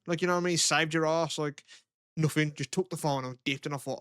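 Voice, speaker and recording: A man's voice: on the high side, steady tone, fast talker, fairly bright tone, clear, resonant tone, dry recording. Man, rambling, swearing, casual podcast storytelling, dry close sound. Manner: swears a lot, rambling with many "like" fillers. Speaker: podcast co-host.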